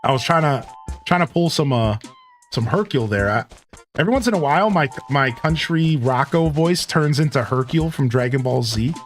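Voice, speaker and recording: Guy streaming an old game, chatty and jokey, pitch jumping all over. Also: animated, brisk, soft background music. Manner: laid-back and joking, chatting with viewers. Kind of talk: casual gameplay commentary.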